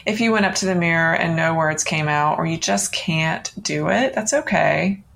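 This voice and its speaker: A middle-aged woman hosting a podcast, gently and encouragingly guiding listeners through a self-love exercise. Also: deep voice, normal speed, creaky, a little hiss or hum. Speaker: podcast host.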